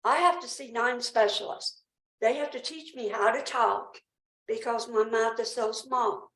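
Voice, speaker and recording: A woman with a Southern accent speaks in a slightly high voice, rambling and nervous, with her words sometimes coming out with effort. She is heard in a roomy meeting hall with echo around her. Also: unhurried, fairly bright tone. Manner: rambling, nervous, speech difficulty. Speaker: resident speaking at public comment. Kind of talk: emotional personal account. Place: town council meeting room.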